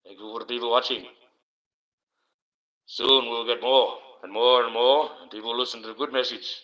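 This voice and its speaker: A man hosting a livestream alone, rambling and swearing in loose casual banter into a low-placed mic. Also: steady tone, normal speed, bright, forceful tone. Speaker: livestream host. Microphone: low-placed desk mic. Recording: dull lo-fi stream audio.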